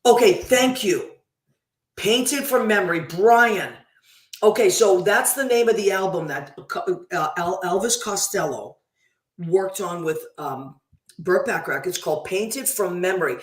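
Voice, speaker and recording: Chatty woman radio host in a roomy space. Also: lowish voice. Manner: chatty and effusive, gives shout-outs. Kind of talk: casual radio chat.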